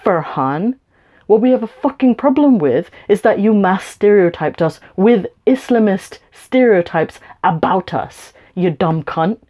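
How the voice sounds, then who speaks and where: A woman's voice: medium pitch, lively intonation, unhurried, dark tone. A woman vlogging to her camera, ranting angrily with lots of swearing and sarcasm. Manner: profane, sarcastic and confrontational. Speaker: YouTuber. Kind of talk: angry rant to camera.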